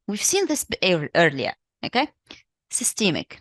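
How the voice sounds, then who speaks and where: A woman's voice: lowish voice, wildly swooping pitch, normal speed, fairly bright tone, no echo, studio quality. A woman with a Tunisian accent, a native Arabic speaker, giving a live English exam revision lesson, repeating answers and praising students often. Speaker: English teacher.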